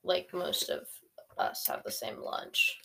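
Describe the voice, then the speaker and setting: A woman's voice: slow, pushed and bright. A teenage girl chatting casually as a podcast guest, mostly short replies and laughs. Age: teens. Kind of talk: casual chat.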